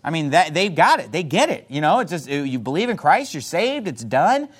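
Here a man with a fairly high, husky voice speaks at a normal pace. He shows church members how to approach people about salvation, animatedly performing their likely responses in assorted voices.

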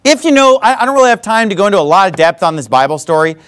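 A man's voice: high-pitched, sing-song, racing, fairly bright tone, clear, resonant tone. A man preaching a sermon in an emphatic, conversational way, full of repeated asides. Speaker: pastor.

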